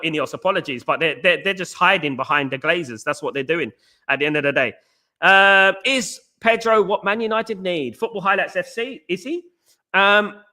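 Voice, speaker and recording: A man's voice: fairly high pitch, bright, forceful tone. A man with a London accent hosts a live fan stream, reading viewers' comments and answering them in a casual, friendly way. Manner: casual, says big up and mate a lot. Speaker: fan channel host.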